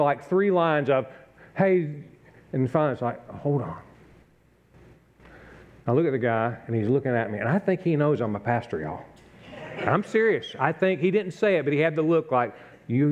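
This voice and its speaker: Middle-aged pastor guy telling a story in his sermon, kinda high voice, muffled recording. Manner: folksy and self-deprecating, acts out his own frustration.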